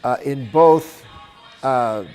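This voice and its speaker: Drawing out his words in a dark, mid-range voice, a man lectures on church music at a conference center. His step-by-step explanations are punctuated by frequent "okay?" check-ins and short sung chants.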